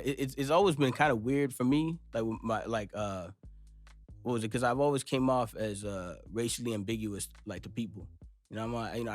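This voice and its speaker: A young man from Los Angeles with a laid-back West Coast accent, talking casually in a studio interview and rambling with lots of fillers. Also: lowish voice. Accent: West Coast American. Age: young adult. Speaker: rapper guest. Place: recording studio.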